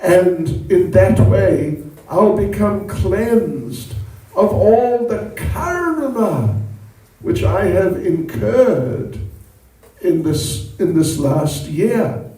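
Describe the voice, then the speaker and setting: A solemn, hard-working father, as a man puts him on. He speaks very slowly and deliberately in a dark, mellow tone. His voice sounds distant and echoey, as in a large hall. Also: high voice, very animated, full character voice.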